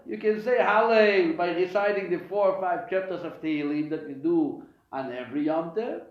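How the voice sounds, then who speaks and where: A man's voice: high voice, moderate pace, hardly any pauses. A man teaching a live Torah class, posing questions and answering them himself with frequent restarts. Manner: animated, asks and answers his own questions. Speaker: rabbi teaching a weekly class. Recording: echoey room, dull lo-fi sound.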